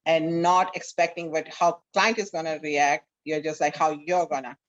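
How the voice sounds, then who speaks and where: A woman's voice: sits low, fairly even intonation, normal speed, dull audio. A woman real estate agent co-hosting a casual discussion, candidly telling stories about her own work and temper.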